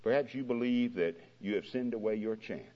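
A man preaching a sermon as pastor, his voice swelling and dropping dramatically in pitch and loudness, recorded in a church. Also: brisk. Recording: dull lo-fi recording with long hall reverb.

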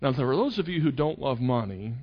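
A man's voice: mid-range voice, sing-song, a little fast. A male pastor preaching a sermon, acting out quoted voices with sarcasm. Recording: dull sound with long hall reverb.

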